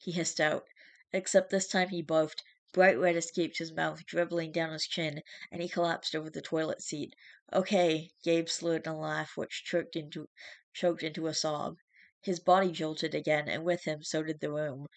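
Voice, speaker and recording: A streamer reading a first-person horror story aloud in steady narration, with small restarts. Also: mid-range voice, normal speed, vocal fry, no room sound.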